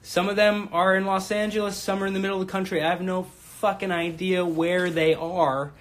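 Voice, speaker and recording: A stand-up comedian and host in his thirties performs a live-streamed set from his home in Brooklyn, rambling, profane and self-mocking. His voice sits high, with a flat, brisk delivery.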